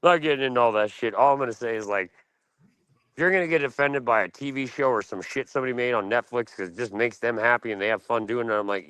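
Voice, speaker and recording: A man's voice: mid-range voice, fast talker, a bit bright, clear, resonant tone, dry recording. A man ranting bluntly and profanely on a casual talk panel, rambling from one gripe to the next. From United States. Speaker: podcast panelist. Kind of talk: casual opinion rant.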